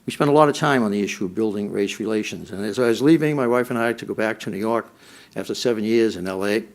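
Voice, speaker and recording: A man's voice: fairly low pitch, quick pace. Emphatic middle-aged man giving a speech. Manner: emphatic, repeats points for force. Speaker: former police chief speaking at a policy forum. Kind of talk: prepared public speech.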